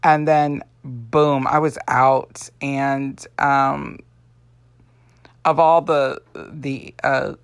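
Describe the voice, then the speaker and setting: A woman's voice: extremely low pitch, steady tone, extremely slow, clear, resonant tone, dry recording. A tired woman in her forties, an Avon representative chatting in a rambling way while doing her makeup. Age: 40s. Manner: rambling, chatty, with many fillers. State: tired, yawning. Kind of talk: casual makeup vlog chat.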